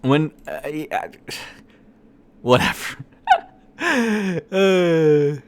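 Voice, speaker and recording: A man's voice: mid-range voice, animated, moderate pace. A man ranting as an online commentator, sarcastic and profane, who often breaks into laughter.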